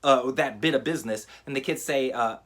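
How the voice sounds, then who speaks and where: A man teaching a magic trick in a relaxed, chatty how-to style, with frequent fillers. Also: mid-range voice, fairly quick. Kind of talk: casual how-to tutorial.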